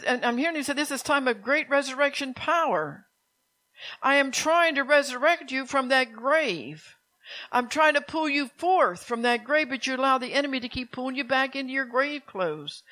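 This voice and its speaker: A woman's voice: high-pitched, sharp tone, poor audio. A woman pastor preaching a sermon to her church, emphatic and exhorting, repeating commands.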